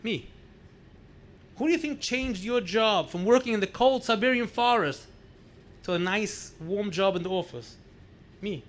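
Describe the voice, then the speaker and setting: A man voicing a secretive Soviet doctor who asks pressing questions in a quiet, firm way. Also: sits high, animated, measured pace, pauses often, pitched above the performer's own voice. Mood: earnest.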